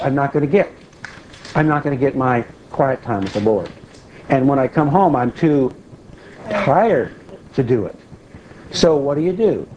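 Plain-spoken man preaching, mellow lo-fi. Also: a little high, a little hiss or hum. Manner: plain-spoken, repeats phrases for emphasis, asks the audience questions. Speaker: preacher teaching a group. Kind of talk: informal sermon.

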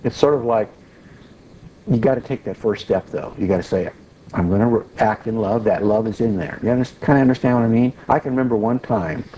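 A man's voice: fairly low pitch, fairly quick, muffled recording, slight background noise. Folksy man telling a teaching story. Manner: folksy, animated when retelling, restarts often. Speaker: Bible teacher.

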